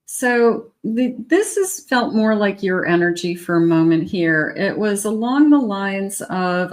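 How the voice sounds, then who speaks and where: A woman's voice: mid-range voice, animated, unhurried, few pauses. A middle-aged woman giving a tarot love reading in a chatty, rambling way, with restarts and little laughs. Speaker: tarot reader.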